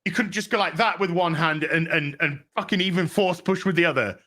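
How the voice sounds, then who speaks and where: A man's voice: fairly high pitch, brisk, bright, forceful tone. A man hosting a podcast, ranting casually and sarcastically about a show, swearing a lot and acting out the characters' lines in exasperated voices. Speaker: podcast host. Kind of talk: casual review rant.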